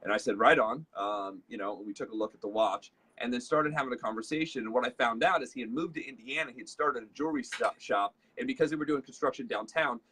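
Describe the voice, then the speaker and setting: A man's voice: medium pitch, quick pace, few pauses, fairly bright tone, husky. A man, hosting a casual leadership talk and telling a story in a chatty way, acting out bits of dialogue. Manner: chatty storyteller, acts out dialogue, many fillers. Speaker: host.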